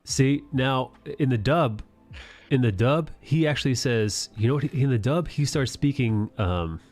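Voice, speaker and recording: A man's voice: mid-range voice, unhurried, darkish tone, faint music behind. A man hosting an anime review, recapping episodes in a casual, rambling, sometimes profane way. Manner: loose, rambling, profane retelling.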